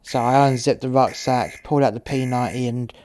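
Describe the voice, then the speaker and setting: A man's voice: medium pitch, steady tone, brisk, background noise, natural voice. A man playing a cynical cartel courier who narrates in the first person, in a sweary, sardonic way. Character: cynical, foul-mouthed male cartel courier.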